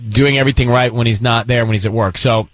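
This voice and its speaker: A man hosts a radio call and presses with direct, probing questions. The sound is dry and close. His pitch is middling. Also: fairly even intonation, fast, no echo. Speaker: radio host. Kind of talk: radio call-in show hosting.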